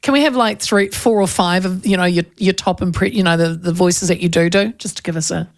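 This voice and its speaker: A woman's voice: fairly low pitch, steady tone, fairly quick. A New woman hosting a casual radio chat, chatty and laughing, often restarting her sentences. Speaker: radio host. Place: radio studio.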